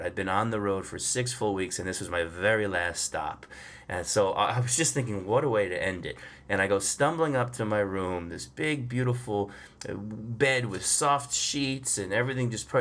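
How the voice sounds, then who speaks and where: Male comedian, lowish voice, relaxed storyteller with many ums. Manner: chatty, unhurried, with frequent fillers and laughs. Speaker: stand-up comedian. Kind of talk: storytelling monologue.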